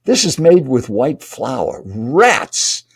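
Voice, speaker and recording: A man voicing a blunt, scornful male stranger who scolds others about junk food, emphatic and nearly yelling. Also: medium pitch, big pitch swings, very slow, vocal fry, slightly rough, full character voice.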